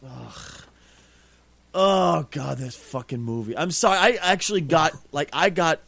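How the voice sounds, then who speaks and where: A man co-hosting a casual podcast, swearing freely and ranting with lively energy. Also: a little high, a little slow, vocal fry, no room sound. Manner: profane, animated ranting. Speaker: podcast co-host.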